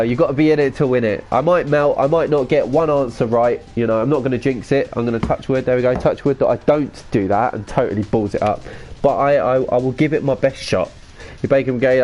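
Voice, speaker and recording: Excitable chatty man streaming. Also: mid-range voice. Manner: chatty, excitable, reads viewer comments aloud. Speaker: gaming streamer. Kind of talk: casual live-stream commentary.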